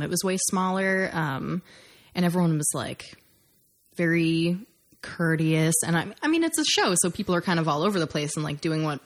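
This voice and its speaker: Chatty young woman with lower voice. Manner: chatty, upbeat, lots of "like". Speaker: conversation partner. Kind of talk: casual chat.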